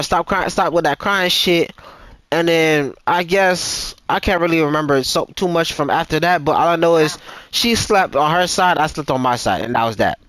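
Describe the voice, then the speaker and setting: A young man with a high voice that swoops up and down tells a story over a gaming mic. His talk is casual and profane, full of restarts and repeats, and the sound is close and dry. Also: fairly bright tone, smooth, no room sound, rough recording. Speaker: gamer telling a story in voice chat.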